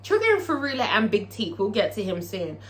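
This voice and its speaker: A woman's voice: mid-range voice, very animated, brisk. A British woman recapping a TV episode in a casual, profane, chatty way, as a show reviewer.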